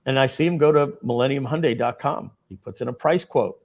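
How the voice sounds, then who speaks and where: A man's voice: medium pitch, normal speed. A man in his forties telling a casual story from his working life, acting out the voices of the people in it. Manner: animated storytelling, acts out quoted voices. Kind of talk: casual anecdote.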